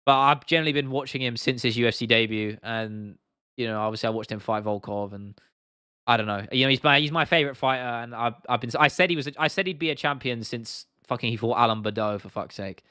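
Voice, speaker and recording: A man's voice: mid-range voice, fast talker, pushed and bright, clean tone, no echo, clean studio sound. A young man from England hosting a casual livestream, talking bluntly and swearing freely while reacting to viewer comments. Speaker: livestream host.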